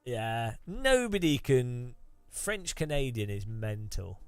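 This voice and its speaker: A man's voice: medium pitch, very animated, slow pace, soft background music. A man chatting casually while sim racing, rambling and chuckling. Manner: rambling, chuckling, lots of restarts. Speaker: streamer.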